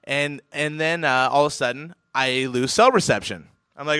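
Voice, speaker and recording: A man from Oregon telling a comic personal anecdote, animated and chuckling, with frequent fillers and restarts. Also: fairly high pitch, normal speed, few pauses, clean tone, no echo. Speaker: storyteller, professional poker player.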